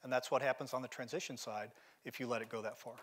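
A man's voice: medium pitch, fairly even intonation, fast, fairly bright tone. Emphatic middle-aged male keynote speaker. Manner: direct, emphatic storytelling. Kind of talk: motivational seminar talk. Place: seminar venue.

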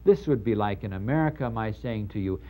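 A man's voice: lowish voice, a little fast, low-quality recording. A man giving a lecture on the parables, emphatic and posing rhetorical questions to his audience. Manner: animated, acting out quoted speech. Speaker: lecturer on New Testament parables.

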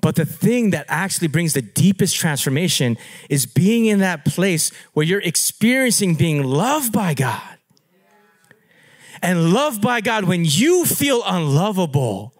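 A man preaching as a pastor, telling stories in an animated, playful way and laughing at himself. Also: high-pitched, unhurried. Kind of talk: storytelling sermon.

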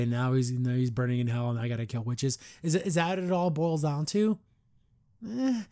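A man hosting a podcast, recapping a cartoon episode in a rambling, animated way with mocking asides. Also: fairly high pitch, dry recording, clean studio sound. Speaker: podcast host.

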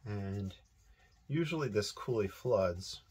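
A man's voice: lowish voice, animated, slow pace, darkish tone, husky. A man giving a casual, rambling watercolor painting lesson, thinking aloud as he paints. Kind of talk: relaxed painting tutorial.

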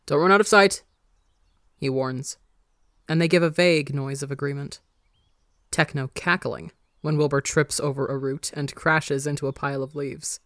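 A podcast reader narrating a story in a steady, even manner. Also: mid-range voice, normal speed, no room sound, clean studio sound. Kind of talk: audiobook narration of fan fiction.

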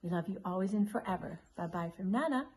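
An older woman, a grandmother, reading a riddle picture book to her grandchildren, gently and playfully quizzing them. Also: medium pitch, animated, fast talker. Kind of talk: bedtime story reading to grandchildren.

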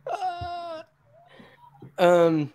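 A man's voice: very high voice, sing-song, very slow, a little mellow. Playful man with a British accent. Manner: playful, laughs often. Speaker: audiobook narrator and accent coach. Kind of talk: casual chat.

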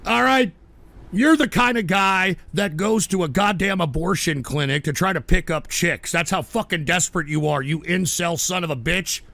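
A man hosting a live stream, reading donations aloud and cursing at his chat in combative rants that burst into shouts. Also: sits high, moderate pace, creaky. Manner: profane, combative ranting with sudden shouts. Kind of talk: live call-in style radio stream.

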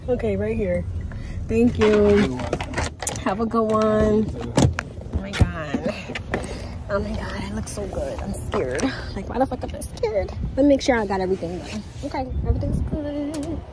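A young woman vlogging in casual, slangy chat, talking into her phone, nervous and excited. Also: medium pitch, normal speed, noisy background. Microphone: phone held by hand. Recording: music playing behind.

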